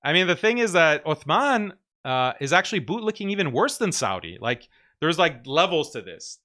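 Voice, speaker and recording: A young adult man hosting a casual livestream, reading viewer comments and answering them in a mocking, animated way, full of "like". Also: fairly high pitch, moderate pace. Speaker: livestream host reading super chats.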